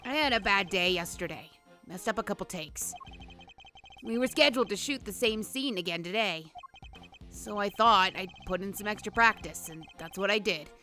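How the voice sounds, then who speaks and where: A woman's voice: mid-range voice, moderate pace, sharp tone, soft background music, lightly acted. A woman voicing a defiant thirteen-year-old boy actor who answers sullenly. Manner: sullen, defensive.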